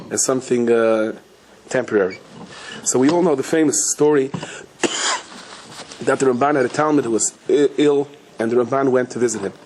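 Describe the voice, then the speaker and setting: A man giving a storytelling sermon as a rabbi, speaking. He acts out the quoted voices in his stories with lively pitch jumps and often restarts and corrects himself mid-sentence. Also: slight background noise. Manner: frequent restarts and self-corrections. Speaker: rabbi giving a Torah talk.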